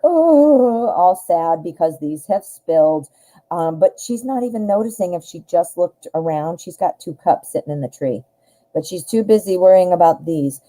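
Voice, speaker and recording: Woman, middle-aged, very dark mellow tone, lowish voice, chatty live-stream tarot reader, laughs at herself. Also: rough recording. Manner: chatty, laughs at her own jokes, talks to viewers.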